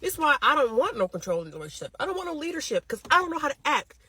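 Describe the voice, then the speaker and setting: A woman's voice: sits high, big pitch swings, racing, pushed and bright, slight background noise. A woman telling a story in a casual, heated rant, blunt and full of swearing, speaking close to a phone mic. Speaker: storytime vlogger.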